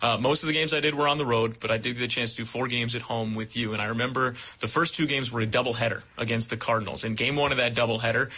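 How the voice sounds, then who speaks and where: Young guy broadcaster, bright sharp voice, earnest tribute to his mentor. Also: mid-range voice, steady tone. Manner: earnest, deliberate. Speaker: baseball broadcaster interviewer. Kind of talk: interview questions and tribute.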